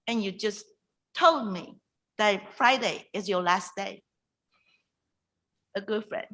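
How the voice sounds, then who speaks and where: A woman hosting a virtual reading night, introducing a poet in an emotional, halting way over a video call. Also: a little high, bright, forceful tone, low-quality recording. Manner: emotional, halting, with restarts and pauses. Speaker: event host introducing a poet.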